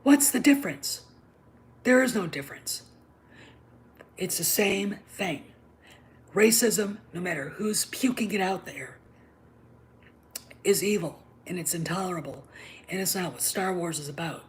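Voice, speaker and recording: A woman's voice: fairly low pitch, animated, a little slow, long pauses, slight background noise. A middle-aged woman hosting her own channel, delivering a heated, emphatic rant that drops to whispers for emphasis. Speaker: channel host. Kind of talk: ranting opinion monologue.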